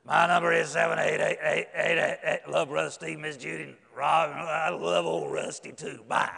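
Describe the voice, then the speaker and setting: A man's voice: on the high side, level tone, moderate pace, vocal fry, sharp tone, slightly rough, heavily acted. A man voicing an earnest, simple-spoken grown man who gives short, blunt answers. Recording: echoey hall.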